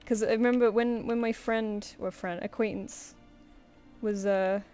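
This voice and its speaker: A woman's voice: mid-range voice, steady tone, measured pace, mellow, faint music behind. A woman artist chatting casually on a live stream, rambling and self-deprecating, and talking to her pet between thoughts.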